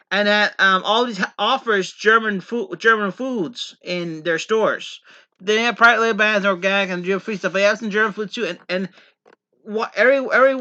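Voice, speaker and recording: Vlogger, male, from Pennsylvania coal country: very sharp, bright tone, repetitive and earnest, lo-fi audio. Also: high-pitched, clear, resonant tone. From Pennsylvania coal region, USA. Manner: rambling, repetitive, earnest, many false starts. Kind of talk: casual rambling monologue to camera.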